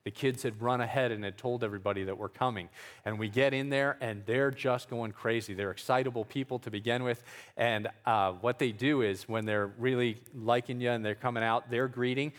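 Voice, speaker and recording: A man's voice: mid-range voice, fairly even intonation, brisk, long reverb tail. A man telling a story from his missionary work in a loose, conversational way, with fillers and small chuckles. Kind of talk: storytelling talk.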